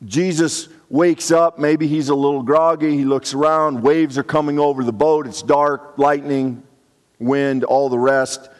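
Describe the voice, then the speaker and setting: A man delivers a sermon in an easy, reflective manner, slipping briefly into acted quotes. He speaks at a slow, deliberate pace with a somewhat high voice. A long reverb trails after his words. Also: fairly even intonation. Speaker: pastor.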